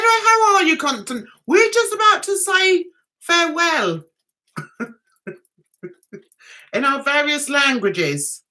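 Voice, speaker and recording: A woman hosts a relaxed livestream chat, giggling often and calling her viewers darling and sweetheart. Her voice sits high and swoops around brightly. She takes her time over each comment. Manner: chatty, giggly, affectionate with viewers. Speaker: livestream host.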